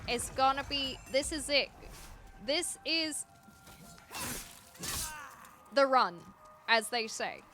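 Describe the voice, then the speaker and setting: Music plays behind a woman streamer whose high, expressive voice moves slowly, pausing often. Commenting live on her gameplay, she talks playfully to her dog and her viewers.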